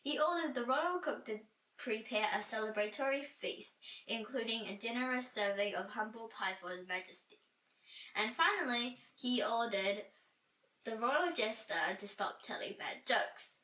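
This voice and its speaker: Bright-voiced woman reading a storybook. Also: on the high side, normal speed. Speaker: storybook reader. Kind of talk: reading a children's book aloud. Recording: roomy echo, distant from mic.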